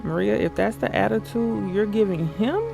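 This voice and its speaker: A man's voice: high voice, moderate pace, vocal fry. A man giving casual, joking commentary as he plays a game. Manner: joking, chatty asides. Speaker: gaming channel host. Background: game music.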